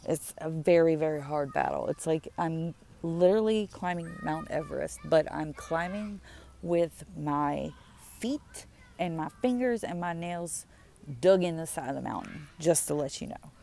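Anxious woman with a gravelly, dark voice. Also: low voice, slight background noise. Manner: halting, pausing often with many fillers. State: anxious, throat tight. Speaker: podcast host. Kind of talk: personal podcast monologue. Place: outdoors in the sun.

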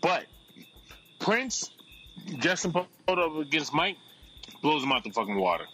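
A man's voice: fairly high pitch, big pitch swings, a little slow, bright, forceful tone, a little hiss or hum, rough recording. A man hosting a podcast in casual chat, brash, profane and opinionated. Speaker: podcast host.

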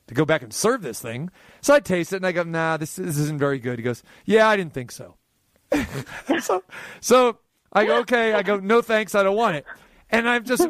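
A man hosting a radio talk show, telling a long story in a casual, animated way and acting out the lines of the people in it. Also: very high voice, dry recording, clean studio sound.

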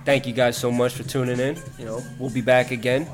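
A man hosting a podcast, joking in a laid-back, casual way. His voice sits at a middle pitch. Music plays clearly behind him. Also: little pitch movement, a little fast. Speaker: podcast host. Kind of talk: casual chat.

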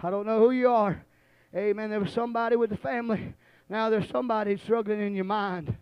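A male preacher, telling a story in a sermon and building from low storytelling to shouted, drawn-out, repeated lines. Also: steady tone, clean tone, no room sound, lo-fi sound.

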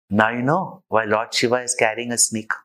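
A man's voice: mid-range voice, fairly bright tone, low-quality recording. A man, a spiritual teacher, telling an anecdote in a sermon and drawing a moral from it. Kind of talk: sermon storytelling.

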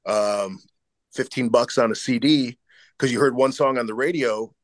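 A man's voice: medium pitch, moderate pace, no room sound. A man who is a guest and longtime fan in a casual interview, earnest and grateful.

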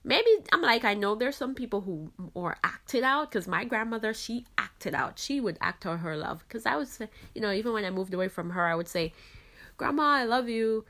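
A woman's voice: mid-range voice, expressive, normal speed, bright, forceful tone. A woman from the Caribbean islands hosting a faith podcast, talking in an earnest, reflective way with frequent "you know". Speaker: podcast host. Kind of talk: faith-based podcast talk.

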